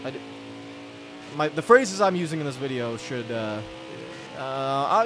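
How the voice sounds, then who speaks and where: A man's voice: medium pitch, expressive, a little fast. A man commentating his own racing gameplay, rambling and cutting himself off as he rants in frustration. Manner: rambling, self-interrupting, exasperated rants. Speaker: gaming channel host. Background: game music and car engine sounds.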